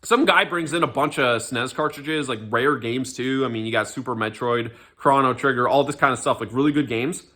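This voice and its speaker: A man's voice: medium pitch, brisk, few pauses, sharp tone. A young man ranting in casual commentary, sarcastic and profane, mocking with lots of fillers and restarts. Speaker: commentary ranter.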